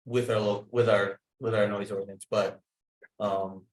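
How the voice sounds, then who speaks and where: A man's voice: on the low side, level tone, unhurried. Man talking in a roomy meeting hall. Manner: conversational, tells anecdotes. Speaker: village board member. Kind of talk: meeting discussion. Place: village meeting room. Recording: roomy meeting hall with faint background noise.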